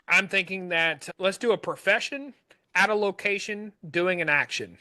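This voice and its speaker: An American man co-hosting a podcast in a chatty, enthusiastic way, guiding the talk into the next segment. His voice sits high and bright, picked up close on a studio mic with a dry sound. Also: normal speed, dry recording. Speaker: podcast co-host. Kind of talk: casual chat.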